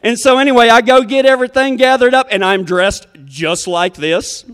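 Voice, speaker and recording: High-voiced man spinning a yarn. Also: normal speed, a bit bright, smooth, long reverb tail. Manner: folksy, rambling, self-deprecating. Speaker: storyteller. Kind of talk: comic storytelling.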